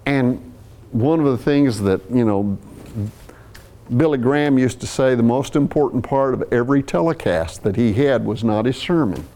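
Mellow-voiced man preaching a sermon. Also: medium pitch. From US South. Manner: conversational, with restarts and brief asides.

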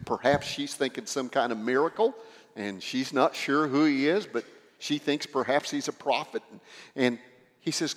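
A man preaching a sermon, explaining a scripture passage in an animated storytelling manner. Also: medium pitch, unhurried. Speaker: pastor. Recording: echoey hall with long reverb.

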